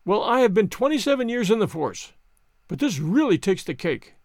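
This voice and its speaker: A man voicing a distressed, refined middle-aged gentleman exposed in disguise, speaking in an anguished, pleading way. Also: sits high, big pitch swings, normal speed, no echo, studio quality, heavily acted. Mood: defiant.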